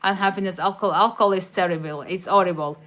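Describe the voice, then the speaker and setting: A woman's voice: lowish voice, steady tone, fast talker, fairly bright tone. A woman from Madeira with a Portuguese accent, chatting casually on a stream and answering viewers' questions, with frequent restarts. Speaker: livestream host answering chat. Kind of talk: casual chat.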